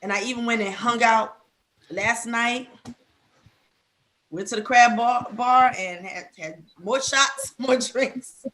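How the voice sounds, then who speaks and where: Hoarse woman telling animated stories. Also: a little high, slow. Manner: animated storyteller, acts out others' voices. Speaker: podcast co-host. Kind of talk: casual chat among friends.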